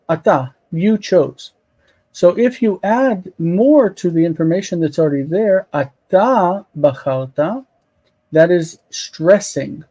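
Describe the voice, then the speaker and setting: A man teaching grammar in a live online lesson. He explains slowly and repeats key phrases to stress them. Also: a little high, mellow, poor audio.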